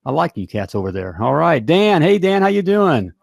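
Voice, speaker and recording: A man's voice: fairly high pitch, sing-song, moderate pace, vocal fry, no echo. An American man hosting a live talk show from a home studio, talking in an upbeat, rambling way with lots of fillers and repeats. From United States. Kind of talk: casual live show chat.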